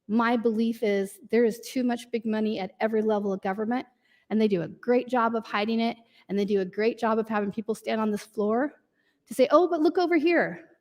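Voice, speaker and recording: A woman's voice: on the high side, fairly even intonation, a little fast, darkish tone. A woman state senator making an earnest, insistent speech in legislative floor debate. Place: legislative chamber.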